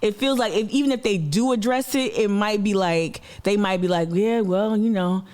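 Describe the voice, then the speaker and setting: Blunt, profane Southern US commentator. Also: male voice, high-pitched, moderate pace, smooth. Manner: blunt, profane, animated, mocking voices. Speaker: activist commentator. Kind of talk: casual commentary on a played clip.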